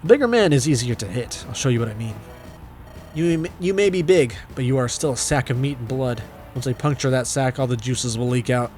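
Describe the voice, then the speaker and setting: A man's voice: medium pitch, fairly quick, a little mellow, natural voice. A man voicing a big, boastful male clan warrior with a loose put-on foreign accent, delivered menacingly over faint game music. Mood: boastful threat.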